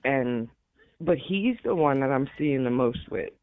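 A woman's voice: a bass voice, animated, measured pace. A middle-aged woman talking as a guest caller in an interview, rambling and quoting her family. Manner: rambling, repeats herself, quotes family members. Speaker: grieving mother, guest caller. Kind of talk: emotional interview talk. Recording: tinny phone line, dry.

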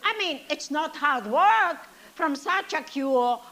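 A woman's voice: high voice, expressive, slow, sharp tone, full character voice. A woman performing a comic monologue as an elderly grandmother, telling stories with dry self-pity and sing-song asides. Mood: wry. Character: elderly Yiddish-speaking grandmother, chatty and wry.

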